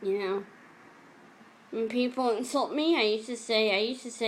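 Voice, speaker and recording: A woman vlogger talking earnestly and emotionally to camera in a personal confessional video, at times halting. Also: on the high side. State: emotional, close to tears.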